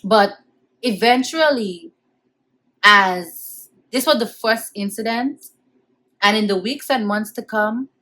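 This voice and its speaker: A woman's voice: mid-range voice, slow, pushed and bright. A woman vlogger telling a personal childhood story in an emotional, conversational way, repeating phrases as she goes. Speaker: vlogger recounting childhood memories.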